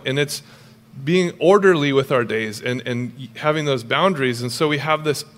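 A young man preaching a sermon as pastor, animated and jokey, with quick storytelling asides. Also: medium pitch, long reverb tail.

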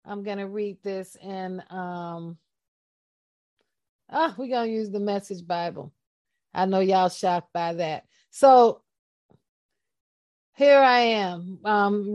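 A woman teaching a casual sermon, talking straight to her listeners in an impassioned, emphatic way. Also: sits high. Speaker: bible teacher.

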